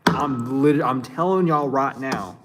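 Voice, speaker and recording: A man's voice: mid-range voice, takes it slowly, background noise. Chuckling man giving a casual psychic reading. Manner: loose, chuckling, slangy, thinks aloud with restarts. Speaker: psychic reader. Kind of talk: casual spiritual reading to viewers.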